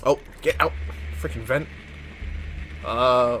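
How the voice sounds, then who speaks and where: A man giving chatty, excitable commentary over his own gameplay, often laughing and swearing. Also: a little high, slow pace, long pauses, faint music behind. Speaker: gaming video host.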